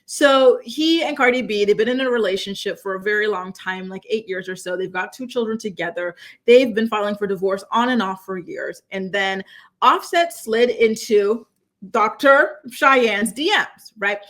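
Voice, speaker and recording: A woman's voice: mid-range voice, normal speed, a bit bright. A young adult woman hosting a commentary channel, talking casually to camera in an emphatic, chatty way full of rhetorical questions.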